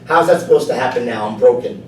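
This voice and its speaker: A club speaker tells a rehearsed personal story fast in a darkish voice, moving from low, quiet passages to forceful points. The distant camera mic captures him across an echoey meeting room over a faint hiss.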